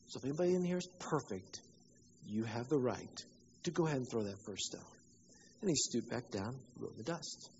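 A man's voice: medium pitch, expressive, fairly quick, slight background noise. A man preaching a sermon as pastor, emphatic and asking his congregation questions. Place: church sanctuary. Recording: dull sound, long reverb in a large hall.

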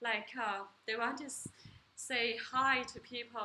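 A woman's voice: fairly high pitch, a little slow, bright, forceful tone, slight background noise. Cheerful woman, Mandarin native speaker. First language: Mandarin Chinese. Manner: cheerful, laughs often, explains simply. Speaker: guest. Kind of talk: casual group chat. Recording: echoey room with faint ambience.

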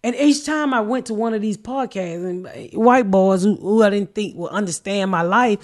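A woman's voice: medium pitch, moderate pace. A middle-aged woman hosting a podcast, telling stories in blunt, profane casual chat and laughing often. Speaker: podcast host.

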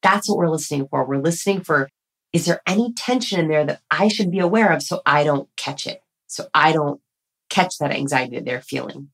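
Woman, very low voice, podcast guest, energetic, explanatory, playful. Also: brisk, vocal fry. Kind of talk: casual podcast conversation. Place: standing while recording.

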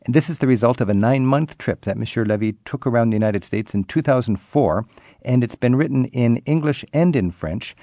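A man's voice: medium pitch, expressive, brisk, dark tone, no room sound. A man hosting an interview, conversational and affirming with short interjections. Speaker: interview host.

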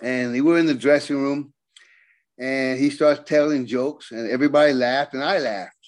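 An older man, a guest on a podcast, telling wrestling road stories in casual, animated talk, acting out the quotes. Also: mid-range voice, normal speed. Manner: animated storyteller, acts out quotes. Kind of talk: casual storytelling.

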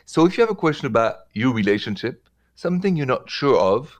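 Male radio host with a French accent, friendly call-in advice, mid-pitched voice. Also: big pitch swings, fairly quick. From France. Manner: friendly, mixes in French greetings.

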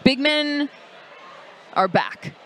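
A woman's voice: high voice, lively intonation, extremely slow, pushed and bright, a little hiss or hum. A woman co-hosting a sports podcast, bantering in a teasing, sarcastic way. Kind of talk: casual sports debate chat.

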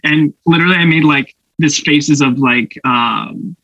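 A man's voice: on the high side, measured pace, muffled recording, noisy background. A young man from Canada, an actor guest, telling anecdotes animatedly with laughs and put-on voices. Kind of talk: casual storytelling interview.

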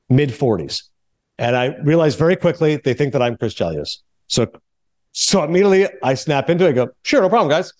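A man from Canada hosting a podcast, telling stories in a lively way and acting out what others said. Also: mid-range voice. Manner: animated storyteller, acts out quotes. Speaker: podcast host. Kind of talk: casual sports and film chat.

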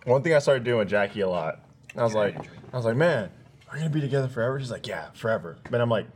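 A man on a casual podcast, laughing through stories and dropping into mock-deep voices. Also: very fast, a little mellow, a little hiss or hum. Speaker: podcast co-host. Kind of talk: casual chat.

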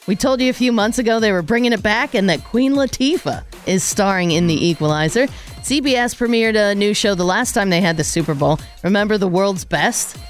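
A woman co-hosting a morning radio show, running through entertainment news in a brisk, wry way. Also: mid-range voice. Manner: brisk, wry headline delivery.

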